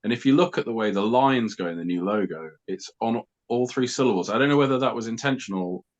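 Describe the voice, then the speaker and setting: Male lyricist, lowish voice; halting, thoughtful casual talk. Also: muffled recording. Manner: hesitant, full of ums and restarts. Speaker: band member and lyricist. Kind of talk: casual interview chat.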